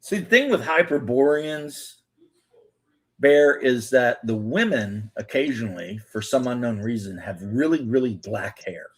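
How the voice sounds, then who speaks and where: A man's voice: mid-range voice, lively intonation, measured pace, husky. Rambling joking male host. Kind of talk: casual chat while painting.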